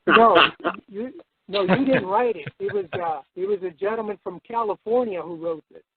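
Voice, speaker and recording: A man calling in to a talk show, reading out a legal notice and then answering in a hesitant, halting way. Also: high-pitched, a crowd in the background. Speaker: caller. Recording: dry, phone-line radio audio.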